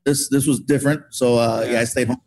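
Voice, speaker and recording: A man telling an animated comic story as a guest, acting out what people said. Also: medium pitch, brisk, slight background noise. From Mexican heritage. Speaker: guest comedian. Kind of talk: storytelling on a podcast.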